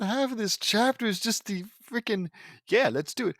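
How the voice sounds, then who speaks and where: Man, casual read-aloud, lively pitch, joking asides, dry close sound. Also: normal speed, no echo. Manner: reads quoted battle cries, then breaks off with joking asides and laughs. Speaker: audiobook reader reacting to a fan fiction.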